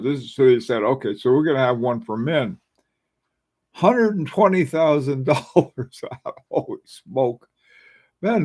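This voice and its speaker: Slow-talking man musing about watches. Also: medium pitch, darkish tone. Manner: rambling, musing, frequent fillers and restarts. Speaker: watch channel host. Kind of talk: casual live-stream chat.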